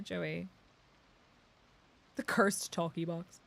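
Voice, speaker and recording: A woman's voice: mid-range voice, normal speed, a bit bright, dry recording. Chatty Northern Irish woman streamer. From Northern Ireland. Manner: chatty, laughs often, swears casually. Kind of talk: casual live-stream chat while gaming.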